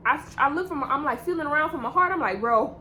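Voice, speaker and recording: A woman's voice: high voice, animated, fast, pushed and bright, a little hiss or hum. A young woman telling a rambling, slang-filled story in a casual storytime vlog, often repeating herself. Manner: rambling, repetitive slang-heavy storytelling with laughs.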